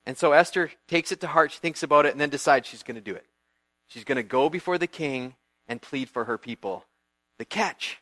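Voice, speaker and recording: Lively, higher-voiced man retelling a Bible story. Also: no room sound. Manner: lively, acts out characters, quizzes the audience. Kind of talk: animated Bible storytelling talk.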